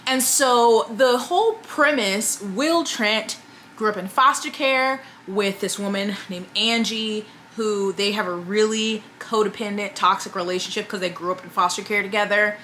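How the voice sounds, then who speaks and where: A woman talking casually to camera as a book reviewer, chatty and opinionated, with many fillers and quick asides. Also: medium pitch, bright, forceful tone, a little hiss or hum.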